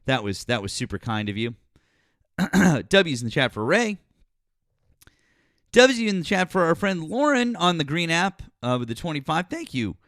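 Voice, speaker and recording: A man's voice: fairly high pitch, very animated, normal speed, dry recording, studio quality. A man hosting a political livestream, thanking donors one by one, then turning blunt and profane with a caller. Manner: grateful shout-outs, blunt and profane when arguing. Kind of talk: casual livestream chat.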